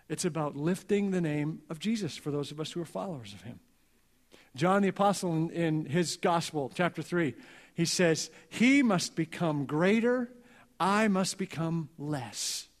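Higher-voiced male pastor in a ringing hall. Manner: earnest, dropping soft and slow on key lines. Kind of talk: sermon. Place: church sanctuary. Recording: long reverb of a church hall.

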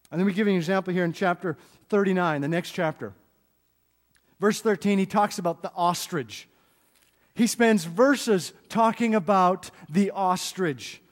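Animated high-voiced male preacher. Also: long reverb tail. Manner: animated, jokey storytelling, often drops soft and slow for emphasis. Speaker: pastor. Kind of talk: sermon.

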